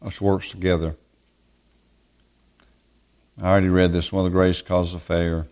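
A man's voice: sits low, little pitch movement, moderate pace, a little mellow, smooth. A man teaching verse by verse from the Bible, stressing points by repeating words again and again.

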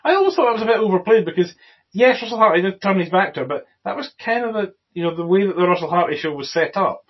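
Man, casual film chat, slightly husky voice, dull muffled recording. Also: high-pitched, animated, quick pace. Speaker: podcast co-host.

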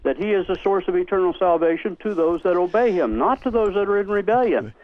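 A man's voice: high-pitched, animated, fast talker. A man calling in to a radio debate, insistently quoting scripture and preaching. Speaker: caller. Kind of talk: phone-in debate. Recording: tinny phone line.

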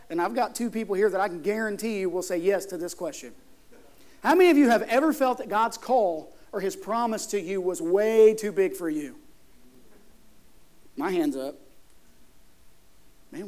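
A man's voice: high voice, darkish tone. A man preaching a sermon in a conversational, emphatic way, putting questions to his congregation. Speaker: pastor.

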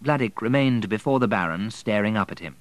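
A man narrating an audiobook in an expressive, measured storytelling manner. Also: on the low side, no echo, rough recording.

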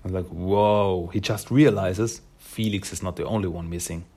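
Male comic reviewer, low husky voice, relaxed rambling delivery. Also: brisk. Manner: rambling, with frequent fillers and laughs.

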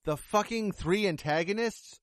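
A man's voice: high voice, unhurried, no room sound, clean studio sound. A man giving a casual, blunt and profane movie review, sarcastic about what he dislikes. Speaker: film reviewer.

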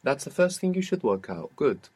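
A man leads a spoken language lesson at a medium pitch. He sets up phrases, asks for answers and confirms them patiently. His tone stays calm and guiding throughout. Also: moderate pace, husky. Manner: patient, prompting and correcting a learner. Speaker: language teacher.

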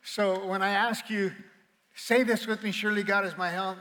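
Pastor, man, high bright voice, lively sermon in a reverberant auditorium, teases and prompts the crowd. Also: moderate pace. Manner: playful, calls on the congregation to respond. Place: large auditorium with balcony.

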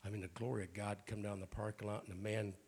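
A middle-aged man preaching an informal Pentecostal sermon in a church, hoarse and raspy, often clearing his throat, with folksy jokes to the congregation. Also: fairly low pitch, little pitch movement, fast talker, a little mellow. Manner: folksy, joking asides to the congregation.

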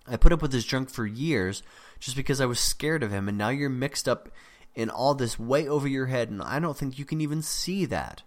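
A man voicing an injured, drugged young man who talks in a lazy, raspy, gravelly voice. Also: medium pitch, pitched above the performer's own voice, close to an everyday voice. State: in pain, doped on meds.

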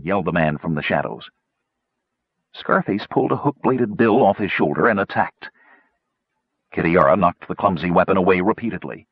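Man, fantasy audiobook narration, dramatic, lively pitch, slightly dull audio. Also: normal speed, slightly rough, no room sound.

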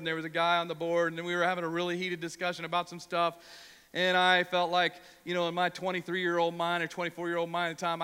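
High, bright-voiced preacher man. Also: clear, resonant tone, big-room sound. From Ohio. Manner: emphatic, repeats words when worked up. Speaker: pastor. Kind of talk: sermon.

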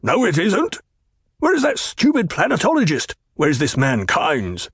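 A man's voice: on the high side, wildly swooping pitch, normal speed, slightly rough, no echo, studio quality, voice pushed up, exaggerated voice. A man voicing a cruel, domineering, gluttonous baron who snaps impatiently at his underlings. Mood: scolding.

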